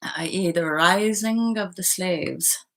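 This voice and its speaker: A young woman hosting a tarot livestream, chatting candidly and swearing freely as she reads out viewer comments and retells her own experiences with sudden loud outbursts. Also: lowish voice, slow pace, vocal fry. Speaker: livestream host reading tarot. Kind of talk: casual livestream chat.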